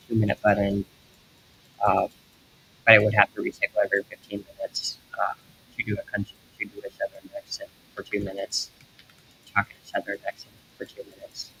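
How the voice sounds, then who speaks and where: A man streaming while he draws, chatting casually in a halting, rambling way full of fillers. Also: on the low side, fairly bright tone, slight background noise, low-quality recording. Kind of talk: casual live-stream chat while drawing.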